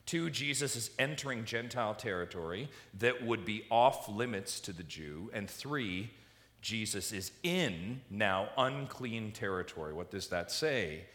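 A male pastor preaching through a passage, voice bright and forceful over a lowish pitch. He leans hard on key words and keeps asking the congregation questions, then answers them himself. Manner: emphatic, rhetorical questions to the congregation. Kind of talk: expository sermon.

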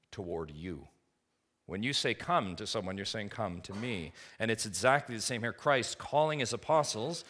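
Pastor, male, low-pitched, earnest sermon delivery with rhetorical questions and soft drops. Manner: earnest preaching, rising to emphatic peaks then dropping soft; asks the congregation rhetorical questions.

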